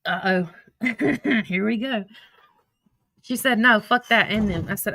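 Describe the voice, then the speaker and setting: A woman's voice: medium pitch, takes it slowly, gravelly, bright, forceful tone. A woman with a Southern accent, chatting on a livestream, cursing freely and reading out text messages. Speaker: livestream host. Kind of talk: casual livestream storytelling.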